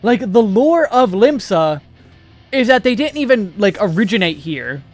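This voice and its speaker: A male streamer talks casually through a game, tossing off wry jokes. His voice sits high for a man. Faint game music plays underneath. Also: sing-song, a little slow. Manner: joking, wry asides. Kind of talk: casual gameplay commentary.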